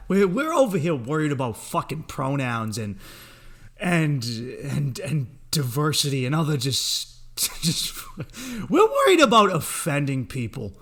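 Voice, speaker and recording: A man's voice: on the high side, a bit bright. A man in his thirties hosting a podcast, ranting alone in a comedic way, swearing freely and laughing at his own jokes. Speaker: podcast host. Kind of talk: solo comedic rant.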